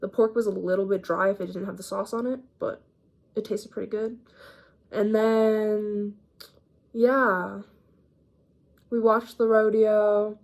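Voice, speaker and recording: A woman's voice: mid-range voice, level tone, slow, creaky, pauses often, darkish tone. An eighteen-year-old woman talking through her day in a casual, slangy, rambling vlog, a little sick with a cough. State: mildly sick, coughing up phlegm. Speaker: vlogger.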